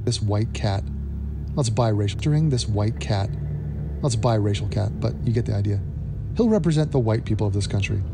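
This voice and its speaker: A man's voice: on the low side, animated, moderate pace, creaky, over music. A man hosting an opinion commentary vlog, talking in a sarcastic, mocking way.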